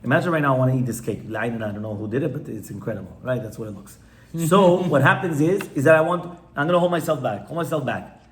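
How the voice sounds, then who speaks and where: Man teaching a relaxed class to a room full of people, keeps asking them stuff, normal middle voice. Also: medium pitch, fast, slight background noise. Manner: conversational, keeps asking listeners questions. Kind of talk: informal Torah class with audience questions.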